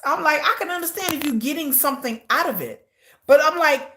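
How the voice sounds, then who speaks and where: A woman's voice: sits high, normal speed. A woman, ranting in casual live-stream commentary with incredulous repeats. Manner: animated, incredulous ranting with frequent repeats and laughs. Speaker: reaction streamer.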